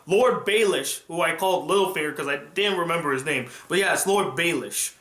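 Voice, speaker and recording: Excitable man reviewing TV, high voice. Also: fairly quick, reverberant. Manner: animated, excitable retelling. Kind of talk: casual reaction review.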